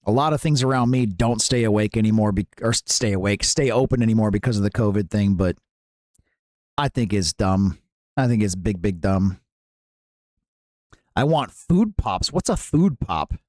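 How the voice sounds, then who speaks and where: A man's voice: fairly low pitch, expressive, normal speed, a little mellow, no echo, clean studio sound. A man hosting a live stream, chatting casually with viewers in a playful, jokey way and often laughing.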